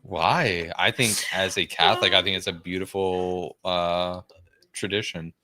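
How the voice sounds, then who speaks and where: A man's voice: low-pitched, fairly even intonation, measured pace, bright, forceful tone. A man co-hosting a movie watch-party stream, chatting casually, joking and swearing. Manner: playful, swears, does bits and impressions.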